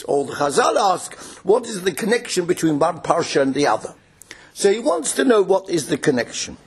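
A man with a fairly high, husky voice delivers a religious study lecture. He explains patiently and keeps asking rhetorical questions. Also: sing-song, normal speed. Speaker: Torah lecturer.

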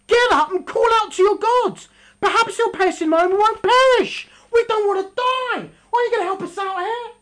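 A woman's voice: very high-pitched, normal speed, a bit bright, voice pushed up. A woman voicing a frantic ship's master who urgently pleads with a sleeper to wake up. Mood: urgent pleading.

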